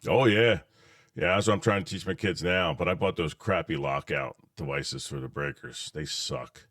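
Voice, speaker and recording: Man, podcast host, very low voice, animated storyteller, dry sound. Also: normal speed, no echo. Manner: animated storyteller, laughs often, calls people dude. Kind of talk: casual chat.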